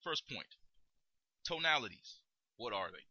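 A man hosting a podcast lesson on communication, speaking deliberately and stressing key words as he explains. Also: mid-range voice, very animated, sharp tone, no echo, dull audio. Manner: deliberate, emphatic, stretches key words for demonstration. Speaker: podcast host teaching communication skills. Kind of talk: instructional podcast talk.

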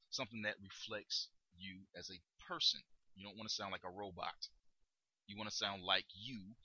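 A man's voice: fairly low pitch, sharp tone, breathy edge, no echo, low-quality recording. A man hosting a podcast, coaching listeners in an emphatic, instructive way. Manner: coaching, emphatic, demonstrates tones. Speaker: podcast host.

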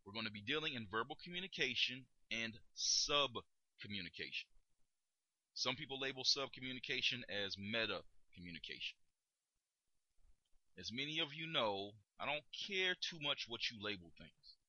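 A man hosting a podcast lesson on communication, speaking deliberately and stressing key words as he explains. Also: medium pitch, expressive, sharp tone, dry recording, lo-fi sound. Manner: deliberate, emphatic, stretches key words for demonstration. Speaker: podcast host teaching communication skills. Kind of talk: instructional podcast talk.

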